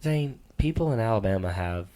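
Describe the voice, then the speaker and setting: Middle-aged father co-host, very low voice, ribbing and bossy in casual banter. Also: animated, a little fast, mellow. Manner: teasing, playfully bossy. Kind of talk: casual sports-picks chat.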